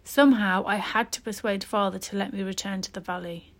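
A woman's voice: mid-range voice, steady tone, brisk. Woman reading a storybook aloud. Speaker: storybook reader. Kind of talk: first-person story narration.

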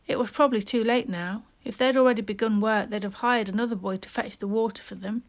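A woman narrating a first-person children's story in a steady, expressive reading voice. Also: on the high side, quick pace. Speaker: storybook reader.

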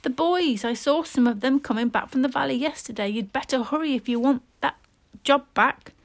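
A woman voicing an excited young village boy who hurries his friend along with urgent news. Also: high-pitched, normal speed, pitched above the performer's own voice. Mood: eager.

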